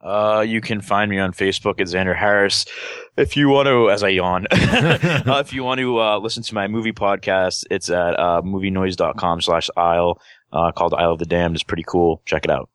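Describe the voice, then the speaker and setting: A man's voice: sits low, steady tone, fairly quick, a bit bright, clear, resonant tone, no room sound, clean studio sound. A man co-hosting a podcast in casual chat, laid-back and joking, laughing easily. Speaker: podcast co-host.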